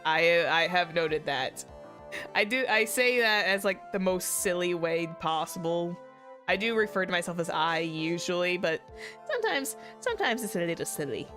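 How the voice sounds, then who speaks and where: A woman's voice: lowish voice, animated, normal speed, fairly bright tone, faint music behind. A woman VTuber chatting casually while playing a game, goofy and self-deprecating. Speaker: VTuber streamer.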